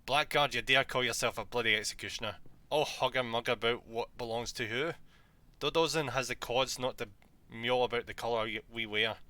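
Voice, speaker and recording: A man's voice: medium pitch, brisk, sharp tone, lightly acted. Man doing a blustering pirate captain. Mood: scolding. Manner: insulting, blustering. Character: gruff scolding male pirate captain.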